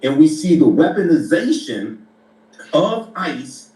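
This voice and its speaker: Man, commentator, slightly high voice, halting pauses, echoey room, off mic. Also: very animated, warm tone. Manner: deliberate, many pauses with uh. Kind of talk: political commentary. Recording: roomy echo, distant from the mic.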